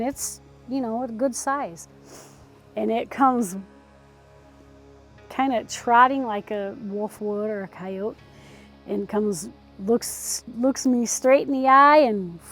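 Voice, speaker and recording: A woman recounting an encounter in casual spoken storytelling. She often drops to a hushed near-whisper when reliving the tense moments. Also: on the high side, low-quality recording. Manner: conversational, with fillers and restarts.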